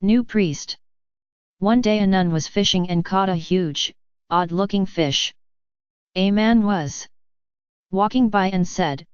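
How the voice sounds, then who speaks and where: A woman narrating a series of jokes in an even, unhurried read-aloud manner. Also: medium pitch, clear, resonant tone, no echo, dull audio. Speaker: joke reader. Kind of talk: scripted joke narration.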